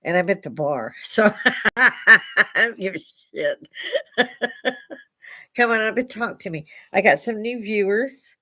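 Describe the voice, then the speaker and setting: A woman's voice: medium pitch, animated, measured pace, long pauses, pushed and bright. An older woman hosting a casual livestream from a bar, slightly tipsy, rambling through stories with frequent laughs and swearing. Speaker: livestream host.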